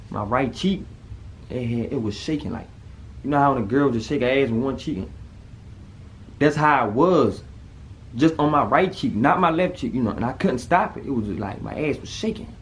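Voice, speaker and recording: Animated young man telling a story. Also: a little hiss or hum. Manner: animated, jumps high when acting out panic. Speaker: vlogger telling a personal story. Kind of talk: casual storytelling to camera.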